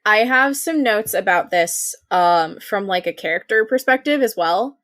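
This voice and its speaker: A woman co-hosting a podcast in casual chat, heavy on fillers and quick agreeing murmurs, swearing now and then. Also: medium pitch, lively intonation, a bit bright, no room sound, clean studio sound. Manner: lots of filler words and affirming murmurs, occasional swearing. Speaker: podcast co-host. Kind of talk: casual chat recapping a TV episode.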